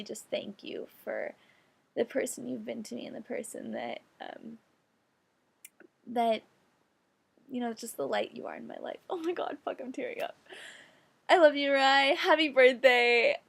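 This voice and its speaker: A woman's voice: sits high, gravelly. A young woman in her late teens speaking a gushing, heartfelt birthday message to a friend, full of filler words. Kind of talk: casual heartfelt monologue.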